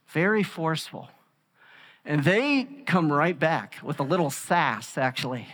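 A man delivering a sermon in a large room, talking to the crowd in a loose, conversational way. His voice sits a little higher than most men's and climbs when he stresses a point. A long hall reverb trails after his words. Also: a little slow. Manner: conversational, animated, with emphatic rises. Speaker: pastor.

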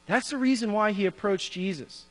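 A man's voice: high voice, moderate pace. A man preaching a conversational sermon, acting out dialogue from the story as he speaks. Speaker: pastor. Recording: reverberant hall with mains hum.

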